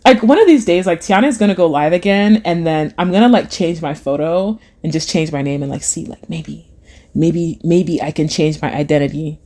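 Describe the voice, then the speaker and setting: A woman's voice: normal speed, mellow. A young adult woman chatting casually on a live stream, reading out comments from her chat and laughing often. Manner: chatty, giggly, acts out voices with big pitch swings.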